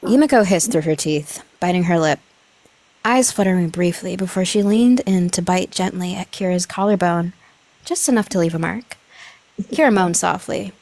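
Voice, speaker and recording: A woman's voice: on the low side, normal speed, gravelly, a little mellow, no room sound. A woman streamer reading a story aloud on a live stream, giggling and correcting herself as she goes.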